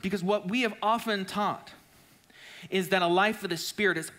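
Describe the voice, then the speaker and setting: A pastor in his forties delivers a sermon in church, with a forceful, slightly high voice. He keeps asking whether the listeners follow him, and he tells stories with animation. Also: normal speed. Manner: keeps asking the crowd "right?" and "you follow me?"; animated storytelling.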